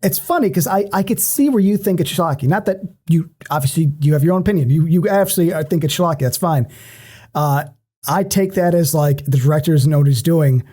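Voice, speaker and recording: A man co-hosting a podcast, chatting casually about movies in an animated way, swearing freely and restarting often. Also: a little high, brisk. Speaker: podcast co-host. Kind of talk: casual movie-discussion chat.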